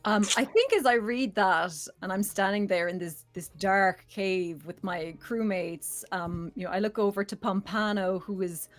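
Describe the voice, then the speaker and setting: A woman's voice: mid-range voice, unhurried, few pauses, soft background music. A woman player musing in character during a tabletop game, thoughtful and hesitant with many fillers.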